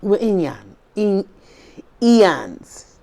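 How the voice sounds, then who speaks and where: Extremely slow and very animated, a woman speaks in a mellow mid-range voice touched with vocal fry. She hosts a spiritual video channel, chatting to viewers in a preachy, casual drawl, repeating herself and throwing out one rhetorical question after another.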